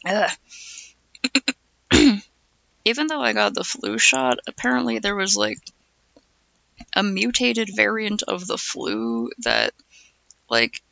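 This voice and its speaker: Young adult streamer, flu-phlegmy and very gravelly, casual rambling chat, dry close sound. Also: medium pitch, sharp tone, dry recording, dull audio. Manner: rambling, chatty, full of "like" and "uh".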